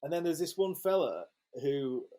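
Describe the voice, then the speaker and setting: A man, a photographer guest telling a lively, sweary anecdote in a casual interview and acting out the quotes. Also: a little high, moderate pace.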